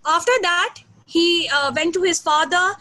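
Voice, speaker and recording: A woman giving a fast, energetic online lecture to teachers over a video call. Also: extremely high pitch, low-quality recording. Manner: fast, energetic, emphatic delivery. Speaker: guest lecturer. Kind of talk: online teacher training talk.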